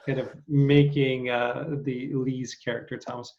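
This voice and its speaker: A man in a middle-pitched voice hosts a casual interview, feeling his way into each question with lots of ums and uhs. His voice comes through dull and lo-fi. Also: flat delivery, a little slow. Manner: hesitant, lots of fillers and backchannel. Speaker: podcast host, interviewer.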